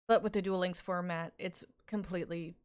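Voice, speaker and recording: A woman's voice: on the low side, steady tone, brisk, darkish tone. A woman in casual podcast chat, talking hesitantly with fillers and restarts. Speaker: podcast guest.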